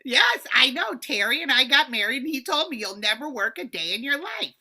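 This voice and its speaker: Casting: woman as scatterbrained fifty-something neighbor, bright lively high voice, emphatic. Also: a little fast, husky, full character voice. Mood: scheming, flighty. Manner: emphatic, scattered, swoops up in pitch. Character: brash 58-year-old woman neighbor Karen, scheming and flighty. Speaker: improv performer. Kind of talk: improvised comedy scene.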